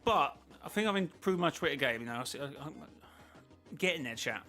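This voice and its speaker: A man's voice: a little high, animated, brisk, pushed and bright, faint music behind. A man streaming a game, chatting casually with his viewers in a rambling, self-interrupting way. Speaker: gaming streamer.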